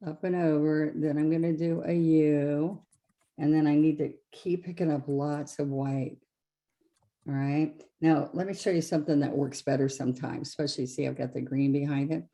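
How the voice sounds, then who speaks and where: A woman's voice: sits low, dark tone. A woman teaching a live painting class, chatty and explaining each step, often correcting herself as she goes. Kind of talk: live craft demonstration.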